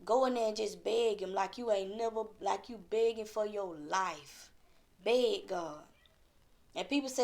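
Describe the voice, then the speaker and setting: A woman's voice: medium pitch, unhurried, gravelly, a little mellow. A woman delivering an impassioned, pleading sermon in colloquial speech. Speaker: preacher.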